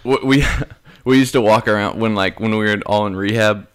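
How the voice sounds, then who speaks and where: Young man telling stories in a lively way. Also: lowish voice, normal speed, clear, resonant tone. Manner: animated storyteller, acts out quotes in a raised voice. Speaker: podcast co-host. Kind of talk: casual chat.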